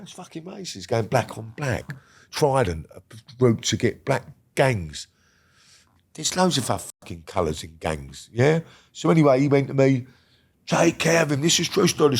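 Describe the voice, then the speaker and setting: A middle-aged man telling stories as an interview guest, swearing often and speaking in a heated, emphatic way. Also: medium pitch. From Britain. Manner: heated, profane, emphatic storytelling. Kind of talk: casual storytelling.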